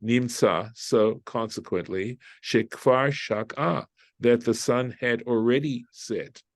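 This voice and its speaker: A man's voice: medium pitch, dry recording. A man teaching a text-study lesson as a rabbi, reading Hebrew phrases and translating them, thinking aloud with restarts. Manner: halting, with restarts while reading.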